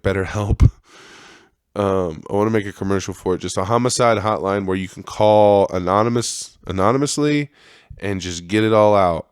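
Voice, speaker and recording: Man with a low voice, rambling profane podcast monologue, frequent laughs, dry close sound. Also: smooth, no echo. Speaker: podcast host.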